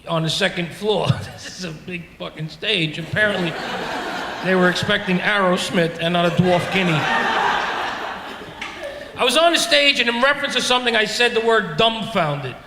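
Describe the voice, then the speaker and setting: A man's voice: sits high, normal speed, noisy background. A man with a New York accent doing a brash, profane, self-mocking stand-up comedy set on a brewery stage. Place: brewery stage before a live crowd. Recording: echoey hall with audience laughter.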